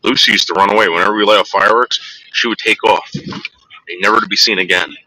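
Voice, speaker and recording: A man's voice: fairly even intonation, quick pace, sharp tone, no room sound, low-quality recording. A man casually narrating a vlog while driving around and talking to his dogs. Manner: soothing his dogs in a higher coaxing voice. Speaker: vlogger.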